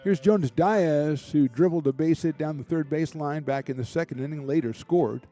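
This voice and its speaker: A man doing relaxed, chatty play-by-play commentary for a college baseball game, with small asides and jokes between pitches. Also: normal speed, faint music behind. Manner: relaxed, chatty, lightly joking between pitches, rising excitement on big plays. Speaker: play-by-play announcer.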